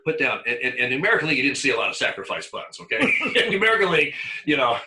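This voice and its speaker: An older man recounting his umpiring days in a casual interview. His voice is very bright and sharp, and he stumbles over repeated words and breaks into laughter. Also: mid-range voice, sing-song, very fast, poor audio. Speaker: former umpire.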